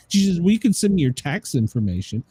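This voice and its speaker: A man's voice: on the high side, very animated, fast, mellow, breathy edge, no echo. A man hosting a casual talk show, ranting with profanity and laughing often. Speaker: host. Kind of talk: casual chat.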